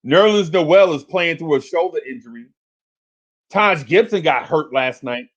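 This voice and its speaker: A man hosting a sports talk livestream, ranting in exasperation, repeating himself and climbing into shouts. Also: on the high side, lively intonation, a little slow. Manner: exasperated, repetitive, rising to shouts. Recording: lo-fi stream audio.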